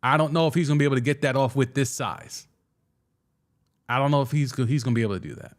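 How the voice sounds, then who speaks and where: A young man hosting a casual sports talk show, excitedly giving his takes and answering viewer comments, often restarting and stumbling over his words. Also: medium pitch, quick pace. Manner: excitable, with frequent restarts and stammers. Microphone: studio microphone.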